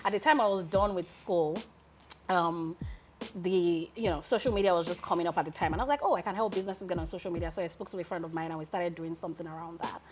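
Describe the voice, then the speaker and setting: A woman in her thirties with a Nigerian accent, a lawyer and founder, tells stories as an interview guest in a casual way, often breaking into laughter. Her voice is lowish and quick, with faint music in the background.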